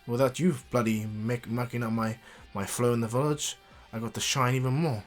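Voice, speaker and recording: A man's voice: mid-range voice, steady tone, normal speed, faint music behind, close to an everyday voice. A man voicing a smug, cool young male ninja rival who speaks in clipped taunts.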